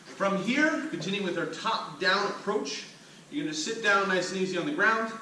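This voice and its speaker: Guy walking you through stretches, kinda high voice, big echoey room, mic set back from him. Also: animated, normal speed, bright, forceful tone, recorded from a distance, a little hiss or hum. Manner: upbeat, talks the viewer through each step while demonstrating. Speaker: fitness instructor. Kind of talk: instructional workout demonstration.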